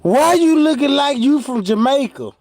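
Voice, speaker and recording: High-voiced man joking through commentary. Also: expressive, normal speed, gravelly, a little mellow, no room sound, clean studio sound. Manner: mocking, slangy, breaks into laughter; slips into mock voices for jokes. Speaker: commentary streamer.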